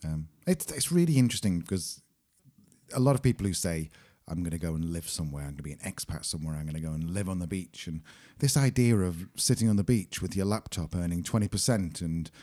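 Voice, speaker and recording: Man, forties, podcast co-host, jokey casual chat, very low voice. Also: lively intonation, quick pace, warm tone. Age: 40s. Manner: chatty, jokey and self-mocking.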